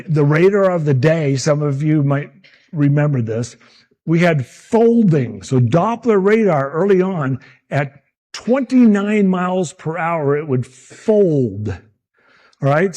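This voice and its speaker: A man in his sixties, a meteorologist telling animated stories about his early career and acting out the people he quotes. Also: a little high, measured pace. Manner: animated anecdotes, acts out quotes. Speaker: meteorologist speaker at a summit. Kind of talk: storytelling talk.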